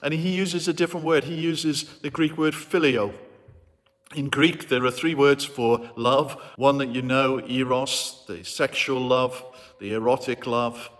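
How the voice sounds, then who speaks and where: A man's voice: medium pitch, steady tone, a little slow, fairly bright tone. A man preaching a sermon as a vicar, retelling a story in an earnest, reflective way. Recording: long hall reverb.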